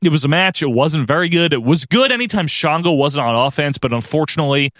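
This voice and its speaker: A man co-hosts a podcast with a lively, joking recap of old wrestling matches. His voice is bright and his pitch jumps around a lot. The sound is dry and close. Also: fast, no room sound. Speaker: podcast co-host. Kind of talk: casual wrestling recap chat.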